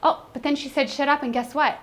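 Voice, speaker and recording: Middle-aged woman, workshop presenter, conversational, animated, slightly high voice. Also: fairly quick. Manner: animated, conversational, acts out classroom scenes. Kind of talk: teaching presentation with role-play demonstration.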